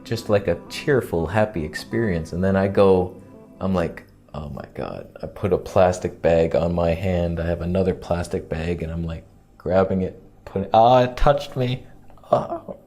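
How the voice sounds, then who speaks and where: Male vlogger, casual and rambling, low-pitched, self-mocking humor. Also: moderate pace, mellow, faint music behind. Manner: candid, joking, rambling. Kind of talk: casual vlog monologue.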